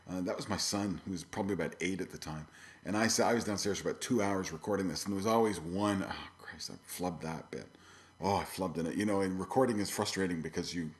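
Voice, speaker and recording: A middle-aged man hosts his own podcast in a loose, casual way, circling back on himself and filling gaps with plenty of ums and uhs. His voice sits a little low. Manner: rambling, many fillers and restarts. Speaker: podcast host. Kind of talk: casual solo podcast talk.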